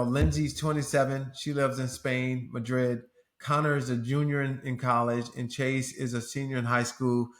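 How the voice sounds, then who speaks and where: A middle-aged man with a fairly high voice talks earnestly in an interview. He builds into emotional, preacher-like swells, and the sound carries a roomy echo. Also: fairly bright tone. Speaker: podcast host and former pro athlete. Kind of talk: candid interview talk.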